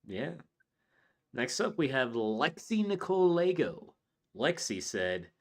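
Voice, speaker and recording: A man's voice: medium pitch, very animated, slow. A man co-hosting a comedy podcast, reading out listener jokes from the chat with laughs in casual talk.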